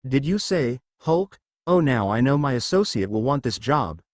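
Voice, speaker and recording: Brief: calm scheming villain boss, read by a man, dry close sound. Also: medium pitch, normal speed, dry recording, close to an everyday voice. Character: smooth scheming male villain leader.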